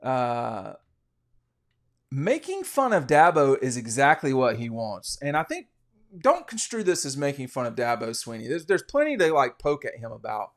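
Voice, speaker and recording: A man's voice: medium pitch, big pitch swings, moderate pace. A man hosting a casual college football podcast, giving rambling, opinionated betting commentary with frequent restarts. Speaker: sports podcast host.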